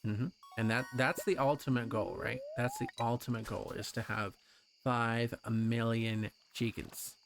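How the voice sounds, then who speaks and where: A man's voice: mid-range voice, unhurried, gravelly, over music. A man giving casual, playful let's play commentary, rambling chattily with plenty of fillers as he plays.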